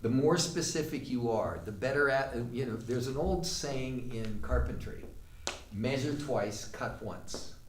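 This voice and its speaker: A man's voice: medium pitch, measured pace. A man teaching an acting class, telling a long anecdote in a conversational way with fillers. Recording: roomy, distant mic with faint noise.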